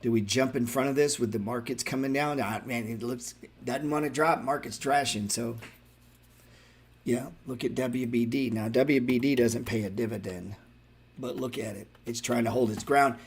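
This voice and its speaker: A man's voice: mid-range voice, moderate pace, husky. A man hosting a stock trading show, giving loose, profane live market commentary and talking straight to his viewers. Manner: excitable, profane, talks to viewers directly.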